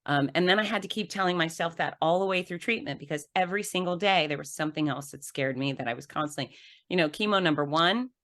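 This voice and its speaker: A woman with a deep, low-pitched voice speaks as a podcast guest. She tells her story vividly, acting out the scenes and laughing at herself along the way. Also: quick pace. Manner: animated storyteller who acts out scenes with laughs. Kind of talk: conversational storytelling.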